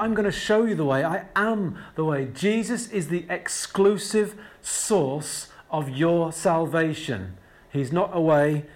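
A man delivers a sermon in an easy, conversational way, his voice sitting a little higher than most men's. He slows down and repeats key phrases for weight, with casual fillers in between. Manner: emphatic, stressing key words with slow deliberate repetition; conversational asides with frequent fillers and restarts. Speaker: preacher.

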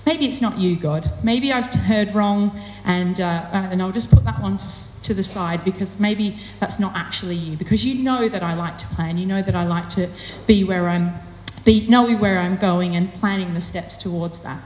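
A woman's voice: medium pitch, normal speed, hardly any pauses, darkish tone, slight background noise. A woman giving a personal sermon talk in a chatty, self-deprecating way, with playful emphasis on her words. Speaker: church speaker. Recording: echoey hall with long reverb.

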